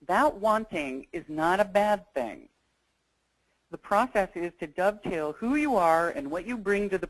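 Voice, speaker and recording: A woman's voice: lowish voice, no room sound, poor audio. A woman presenting a negotiation skills webinar, talking in a conversational, earnest way and weaving in personal stories. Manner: conversational and earnest, thinking aloud.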